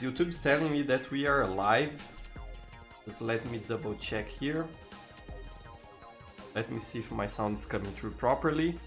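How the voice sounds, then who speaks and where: Brazilian guy streaming, kinda tired, lots of little restarts, faint music in the back. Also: medium pitch. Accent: Brazilian Portuguese. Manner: greets viewers by name, frequent restarts, relaxed. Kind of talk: casual live-stream chat.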